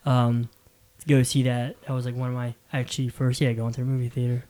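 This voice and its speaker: A man's voice: medium pitch, flat delivery, fairly quick, warm tone. Man, mid-range voice, casual rambling storyteller. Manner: eager, rambling recollection with many fillers. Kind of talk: casual chat.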